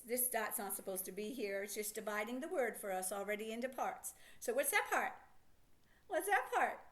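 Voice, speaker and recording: Bright, lively woman teaching phonics. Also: sits high. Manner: encouraging, asks many questions; sounds out words slowly. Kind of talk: children's phonics lesson.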